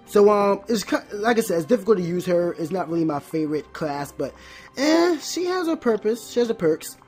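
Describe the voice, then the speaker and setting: A Let's Play host giving casual gameplay commentary, often stumbling, restarting words and filling pauses with "um". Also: mid-range voice, big pitch swings, a little mellow, faint music behind.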